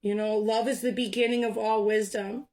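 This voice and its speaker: A young adult woman giving an excited tarot reading to camera, gushing and breaking off into fillers. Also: a little high, normal speed. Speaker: tarot reader.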